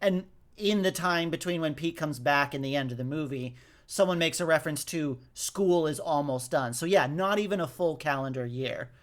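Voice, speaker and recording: A man co-hosting a podcast, chatting casually about a movie and acting out its lines in a lively way. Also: on the high side, moderate pace, few pauses. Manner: animated, acts out movie lines. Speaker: podcast co-host. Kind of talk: casual movie recap chat.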